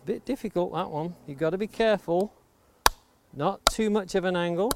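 With a high voice at a moderate pace, a man teaches a hands-on woodcarving tutorial outdoors near the coast. He explains each step of shaping a wooden blank with an axe and stresses safety, and the clear sound of axe chops and clicks fills the background.

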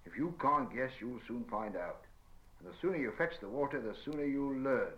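A man playing a gruff, stubborn hobbit. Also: medium pitch, lively intonation, moderate pace, lo-fi sound, voice pushed up, lightly acted. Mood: bossy. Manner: gruff, blunt, homely speech. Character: stubborn, practical male hobbit servant.

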